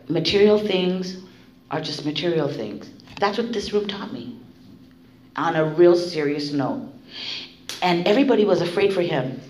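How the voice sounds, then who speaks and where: A woman giving candid spoken testimony at a recovery meeting, blunt and profane, telling her story with animated delivery. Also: lowish voice, normal speed, long pauses. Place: meeting room. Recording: echoey room, faint noise.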